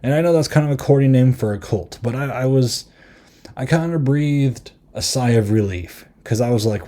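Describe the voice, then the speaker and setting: A man hosting a podcast, casually recapping a horror film with lots of "like" and "um" and quick half-acted quotes. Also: mid-range voice, warm tone. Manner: rambling, filler-heavy recap with frequent "like" and "um"; easily amused, retells scenes with quick half-acted quotes. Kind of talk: casual chat.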